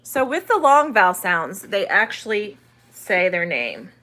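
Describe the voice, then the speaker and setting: A woman's voice: medium pitch, sing-song, a little slow, sharp tone. A woman, an online English teacher, chatting through a live-stream Q&A, reading viewer comments aloud and carefully sounding out vowels.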